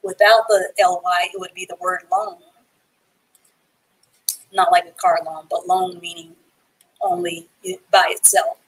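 Woman teaching an online reading class, slow and patient, husky voice, spells out words. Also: lowish voice, rough recording. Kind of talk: live online reading lesson.

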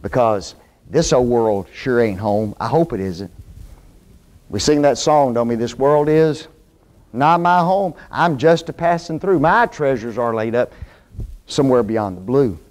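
A man teaching a Bible class sermon in a church, folksy and animated, often asking the class questions. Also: medium pitch, measured pace. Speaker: preacher.

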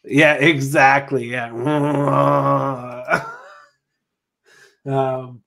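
A man's voice: medium pitch, fairly even intonation, measured pace, fairly bright tone. A man hosting a casual podcast panel discussion, rambling, swearing freely and trailing off mid-sentence. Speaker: podcast host.

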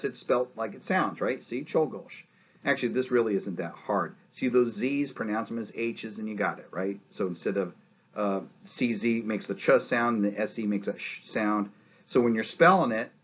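A man's voice: mid-range voice, slightly rough, highs cut off. A man giving a conversational college history lecture, often checking in with "right?" and acting out quotes in changed voices.

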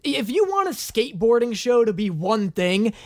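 A woman hosting a comedic reaction video, talking in a sarcastic, animated and profane way. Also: fairly high pitch, moderate pace.

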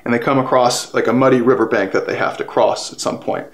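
A man's voice: medium pitch, fairly even intonation, fast talker. A man co-hosting a casual fitness talk, telling stories in a laid-back way full of "like" and "right?". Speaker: fitness coach and co-host. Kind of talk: casual conversation.

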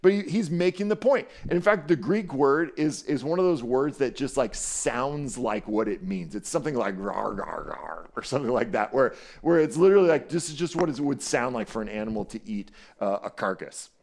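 Animated middle-aged male pastor preaching. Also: mid-range voice, fairly quick, hardly any pauses. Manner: animated, playful, often asks "right?"; acts out scripture quotes dramatically. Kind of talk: conversational sermon.

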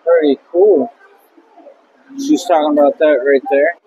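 A man with a high, husky voice talks unhurriedly while filming a museum exhibit on a handheld camera. He speaks in short, awed remarks, casual and chatty. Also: fairly even intonation, unhurried, mellow, lo-fi sound. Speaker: vlog co-host filming. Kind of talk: casual vlog chat. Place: indoor museum model railroad exhibit.

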